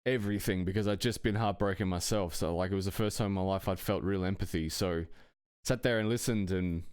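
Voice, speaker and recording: A man's voice: low voice, fairly even intonation, fairly quick, a little mellow, smooth, no room sound, clean studio sound. A man telling a personal anecdote in a casual, rambling way, swearing often and chuckling between phrases. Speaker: storyteller.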